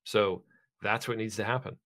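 A young man co-hosting a podcast, speaking in a relaxed, affirming, conversational way. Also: lowish voice, moderate pace. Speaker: podcast co-host. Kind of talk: casual conversation.

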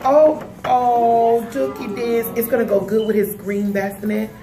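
A woman's voice: a little high, flat delivery, normal speed, over music. A woman in her thirties opening gifts at a party, gushing and laughing often in casual chat. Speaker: guest of honor opening gifts. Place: indoor party gathering. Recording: echoey room with loud background noise.

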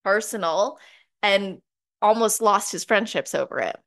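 A woman hosting a podcast, telling examples in a relaxed, chatty way with fillers. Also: mid-range voice, a little slow. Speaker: podcast host. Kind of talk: casual podcast conversation.

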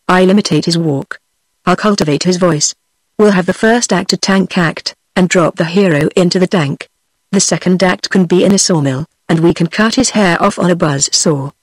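A British-accented text-to-speech woman's voice reading the lines of an aggrieved, boastful royal male ghost, in the same flat synthetic style as the narration. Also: on the low side, dry recording, natural voice, low-quality recording. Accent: British English.

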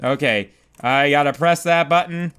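A young man commentating a video game as he plays, swearing, panicking loudly and laughing at himself. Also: fairly high pitch, normal speed, clear, resonant tone. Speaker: gaming commentator. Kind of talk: let's play commentary. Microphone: desk microphone.

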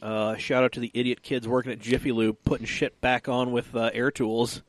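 A man's voice: mid-range voice, level tone, a little fast. A man co-hosting a podcast in casual chat, laid-back and rambling, swearing casually. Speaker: podcast co-host.

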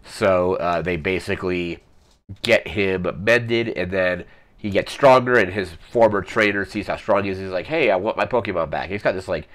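A man's voice: deep voice, moderate pace, a bit bright. A man hosting a retro show, recapping episodes in a casual, rambling way with many ums and self-corrections. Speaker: podcast host.

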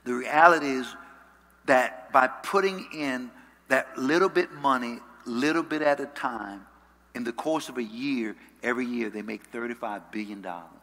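A man preaching a sermon as pastor. He uses call-and-response and swings from loud, rising calls to soft, low passages. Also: normal speed. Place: church sanctuary. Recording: church hall reverb.

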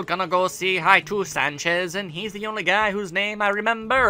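A man's voice: sits high, fairly even intonation, moderate pace, few pauses, bright, forceful tone. A man giving casual let's play commentary, rambling and sarcastic, joking at the game's characters.

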